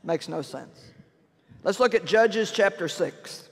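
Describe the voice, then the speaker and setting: A woman preacher giving a sermon in an animated, humorous and emphatic way in a large church. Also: medium pitch, takes it slowly, big-room sound.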